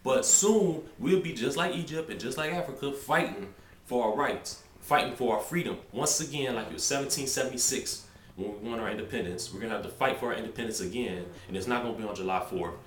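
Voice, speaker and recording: A man's voice: mid-range voice, fast talker, roomy sound, a little hiss or hum. A man talking to camera in a rambling, emphatic way, often restarting his sentences. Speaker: vlogger. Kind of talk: casual monologue to camera.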